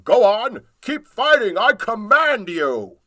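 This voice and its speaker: Man putting on a goblin king voice, storybook villain, high squawky pitch, loud and shouty, bossy. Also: sing-song, slow pace, no echo, studio quality, heavily acted.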